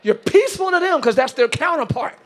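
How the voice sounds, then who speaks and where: A man preaching a sermon in church as pastor, acting out everyday scenes and shouting his points to the congregation. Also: extremely high pitch, expressive, a little fast.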